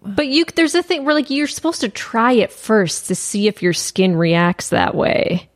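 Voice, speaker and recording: A woman co-hosting a casual chat, talkative and quick to laugh. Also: a little high, big pitch swings, no echo, clean studio sound. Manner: chatty, laughs easily.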